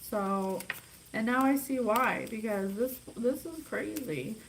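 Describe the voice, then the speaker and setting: A young woman talks through a psychic reading in an intense, emphatic way. Her voice sits a little high. She sounds worked up as she speaks straight to her listeners. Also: slow, slight background noise, low-quality recording. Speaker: psychic reader. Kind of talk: channeled reading monologue.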